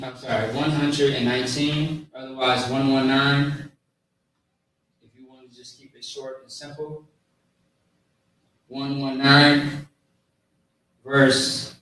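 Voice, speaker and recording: Man teaching scripture, slow and unhurried, checks in often; recorded far from the mic in a very reverberant room. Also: medium pitch, fairly bright tone, a little hiss or hum. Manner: repeats points, checks in with "okay?". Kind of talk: casual scripture lesson.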